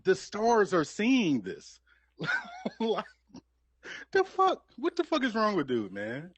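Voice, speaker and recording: Husky man joking on a podcast. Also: sits high, wildly swooping pitch, slow pace, no echo. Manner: laughing, joking, slangy. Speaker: podcast co-host. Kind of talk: casual podcast chat.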